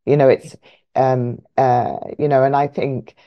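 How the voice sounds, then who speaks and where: A woman's voice: rumbling low, flat delivery, no echo. Thoughtful woman host, dry lo-fi sound. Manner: thoughtful, measured, searching for words. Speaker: podcast host. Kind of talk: reflective interview talk.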